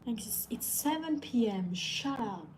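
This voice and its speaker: A woman's voice: on the high side, animated, unhurried, background noise. A woman on a live stream, ranting casually in a blunt, profane way.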